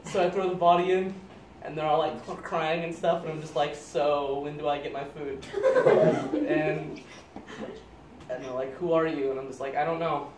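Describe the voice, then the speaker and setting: A young man improvising an absurd story out loud, deadpan and halting, often cracking up at his own lines. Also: on the high side. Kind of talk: rambling improvised comic story. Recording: echoey room, distant mic, loud noise.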